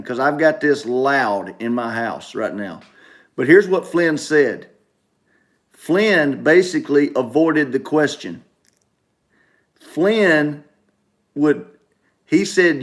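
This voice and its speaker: A man hosting a casual livestream show from home, repeating himself and speaking straight to his viewers. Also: on the high side. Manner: repetitive, emphatic, talks straight to viewers. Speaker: show host.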